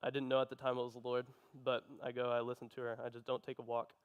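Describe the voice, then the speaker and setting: A young man giving an earnest personal testimony, telling his story in a halting way. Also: medium pitch, completely flat delivery, clear, resonant tone, muffled recording. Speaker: testimony speaker.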